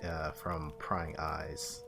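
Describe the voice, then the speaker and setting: Very deep-voiced hesitant man. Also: fairly even intonation, extremely slow, creaky, pushed and bright, soft background music. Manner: hesitant, trailing off. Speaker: player.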